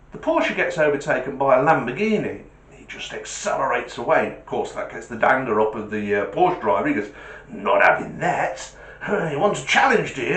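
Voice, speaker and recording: A man's voice: medium pitch, echoey room. A man giving a casual, jokey vlog talk in a chatty storyteller's way. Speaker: vlogger. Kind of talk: casual monologue with a joke.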